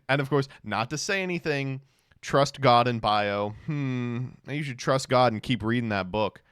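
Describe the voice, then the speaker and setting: A man's voice: medium pitch, unhurried, a bit bright, smooth, no room sound, studio quality. A man streaming casual commentary, sarcastic and fond of mocking impressions.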